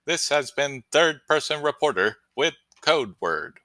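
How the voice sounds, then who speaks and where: A man voicing a stiff male field reporter, delivering a formal report in a deadpan way. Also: on the high side, unhurried, no room sound, pitched above the performer's own voice.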